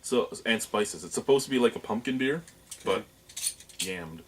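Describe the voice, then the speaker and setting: A man's voice: on the low side, animated, moderate pace, a little hiss or hum. A man hosting a casual beer-tasting show, joking around with friends and describing aromas in detail. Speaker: beer review host.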